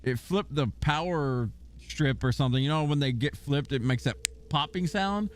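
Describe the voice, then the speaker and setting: Male streamer, casual and animated; tells stories with energy, then cooes at his pet. Slightly higher-pitched man. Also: normal speed. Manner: animated storyteller, coos softly at his dog. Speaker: gaming streamer. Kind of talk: casual livestream chat.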